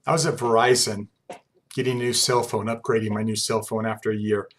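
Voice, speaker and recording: A man in his forties, a college instructor, giving a fast, conversational lecture full of personal stories. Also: lowish voice. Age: 40s. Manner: fast-talking, conversational, uses personal anecdotes. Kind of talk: classroom lecture.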